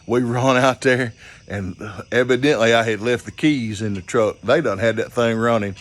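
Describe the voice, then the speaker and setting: A man's voice: medium pitch, normal speed. Folksy man spinning a tale. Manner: rambling, profane, folksy. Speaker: storyteller. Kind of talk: casual spoken storytelling.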